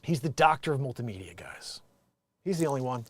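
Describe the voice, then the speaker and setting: A man's voice: mid-range voice, expressive, a little fast, breathy edge, dry recording. A man hosting a casual online show, reading news stories and riffing on them with jokes. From United States. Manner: joking, acts out quotes. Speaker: vlog host reading news.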